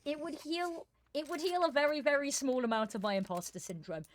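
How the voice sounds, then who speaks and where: On a live stream, a woman casts an esports qualifier in a high, brisk voice. She chats casually, rambling with fillers and poking fun at herself along the way.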